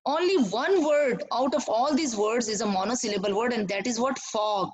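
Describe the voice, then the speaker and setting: A woman teaching an online class to young pupils, slowly repeating words and clapping out syllables. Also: a little high, breathy edge, poor audio. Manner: slow, repetitive, clapping out syllables.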